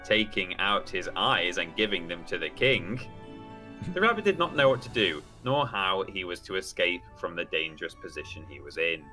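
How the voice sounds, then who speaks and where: Man reading a story with a bright, animated voice. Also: low voice, moderate pace, faint music behind, rough recording. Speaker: streamer and co-host. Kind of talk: reading a story aloud on a livestream.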